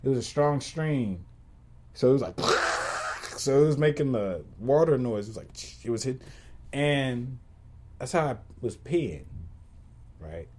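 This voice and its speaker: Male podcast host, mid-pitch voice with a lively swing, profane slangy rant delivery. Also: a little slow, pauses often. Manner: animated, profane, slangy, rambling with repeats. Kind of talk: casual rant storytelling.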